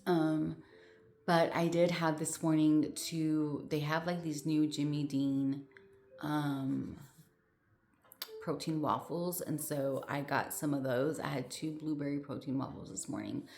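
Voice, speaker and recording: A woman's voice: low voice, fairly even intonation, a little slow, a little mellow. A woman chatting casually to her viewers, rambling with lots of fillers and restarts, sounding short of breath. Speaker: vlogger. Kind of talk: casual chat to camera.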